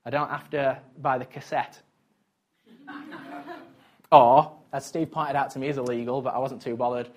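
A man's voice: medium pitch, level tone, moderate pace, long pauses, a little hiss or hum. A man preaching a casual, conversational sermon, chatty and self-mocking, with frequent asides to his listeners.

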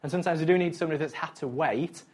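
A fairly high-voiced man gives a relaxed sermon in a chatty tone. He pokes fun at himself and keeps turning aside to talk straight to his listeners. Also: very fast, breathy edge. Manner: chatty and self-mocking, with frequent asides. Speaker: preacher. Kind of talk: casual conversational sermon.

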